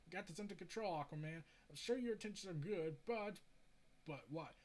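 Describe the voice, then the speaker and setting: A man's voice: high voice, a little fast, darkish tone, close to an everyday voice. A man voicing a condescending small-town sheriff who talks in a placating way. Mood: patronizing. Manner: patronizing, placating.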